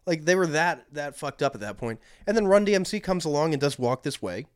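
A man's voice: a little high, animated, a little fast, clean tone, no room sound. A man co-hosting a casual podcast, telling stories at his own loose pace. He rambles, doubles back and fills gaps with "um" and "like." The mic is close and dry, with no room sound. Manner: rambling, many fillers and restarts. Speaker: podcast co-host. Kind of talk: casual chat.

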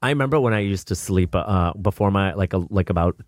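A man's voice: low voice, fast talker, no room sound, studio quality. A man in his thirties, a guest on a casual comedy podcast, talking with hesitant restarts and casual swearing. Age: 30s. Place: small studio.

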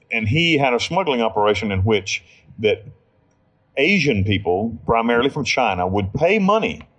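Blunt American man telling a rough story. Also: lowish voice, a bit bright, lo-fi sound. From United States. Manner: blunt, rambling storytelling with restarts and profanity. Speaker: interview subject. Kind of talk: recounted life story.

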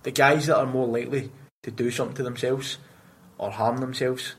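A young Scottish prison officer chats casually in an interview, telling animated stories and swearing freely. His medium-pitched voice is husky and fairly quick, and the audio quality is poor.

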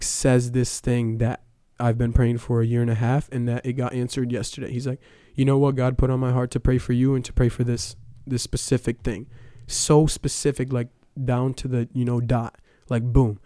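A man's voice: medium pitch, level tone, normal speed, warm tone, smooth, dry recording, clean studio sound. A young man giving a casual personal testimony at church, telling his story with lots of fillers and quoted dialogue.

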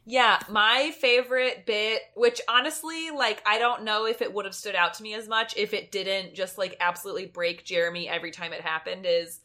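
Woman host telling funny stories, bright voice, animated and jokey. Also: medium pitch, moderate pace, few pauses. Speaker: podcast host. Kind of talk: casual chat.

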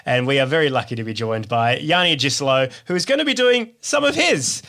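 A man's voice: medium pitch, animated, brisk, gravelly, a bit bright. A man hosting a podcast, introducing the next comedian with an upbeat announcer-style build-up. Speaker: podcast host. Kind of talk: introducing a guest.

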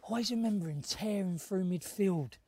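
A presenter with a fairly high voice keeps the chat moving. He teases his guest and cuts in with quick questions. He talks outdoors while fishing. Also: crowd noise. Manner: chatty, teasing, jumps in with questions. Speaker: show presenter. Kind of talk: casual chat interview.

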